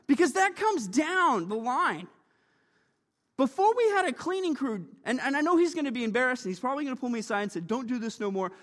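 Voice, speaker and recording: A man preaching a sermon in a church, lively and joking, often calling for amens. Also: extremely high pitch, brisk, long reverb tail.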